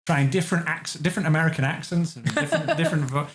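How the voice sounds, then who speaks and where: English game-designer guest, a man who acts out his quotes, slightly higher voice, faint background clicks. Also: fast, slight background noise. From England. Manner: animated storyteller, acts out quotes. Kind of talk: casual interview chat. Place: living room.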